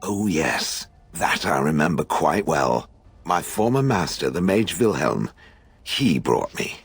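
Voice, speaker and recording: Scornful ancient stone golem for a game; dry, mocking, lively swoops in a very low voice. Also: male voice, takes it slowly, vocal fry, husky, dry recording, exaggerated voice. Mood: sardonic. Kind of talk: video game dialogue.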